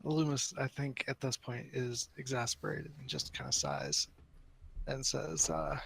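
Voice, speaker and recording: A man in casual tabletop play with a laid-back, gravelly delivery. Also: medium pitch, big pitch swings, unhurried, fairly bright tone. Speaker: player.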